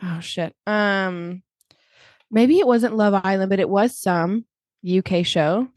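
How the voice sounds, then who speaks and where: A woman co-hosting a casual podcast, her voice at a middle pitch. She rambles and bounces between topics, filling the gaps with ums. The sound is close-miked and dry. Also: slow pace, a little mellow, dry recording. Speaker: podcast co-host. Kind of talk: casual chat.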